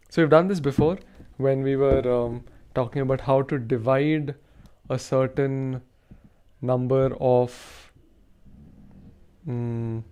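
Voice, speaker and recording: Guy teaching rhythm, slow and careful, smooth clear voice, counts out syllables. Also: medium pitch, darkish tone. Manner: slow, careful, recites konnakol syllables in time. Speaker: rhythm teacher, show host. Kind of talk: instructional explanation with spoken rhythm syllables.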